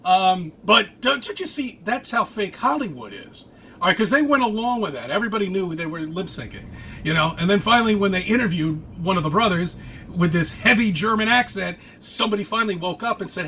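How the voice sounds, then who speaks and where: A man ranting angrily to his viewers, swearing often and preaching distrust, breaking into sudden loud outbursts and laughs. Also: high-pitched, lively intonation, a little fast, slight background noise. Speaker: channel host. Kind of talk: ranting monologue to camera.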